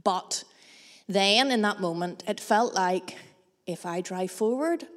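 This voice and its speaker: Woman preaching, slow and measured, long echo from a big church hall. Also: medium pitch. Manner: measured, reflective, with dramatic pauses. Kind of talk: sermon with personal storytelling. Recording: long reverb of a large hall.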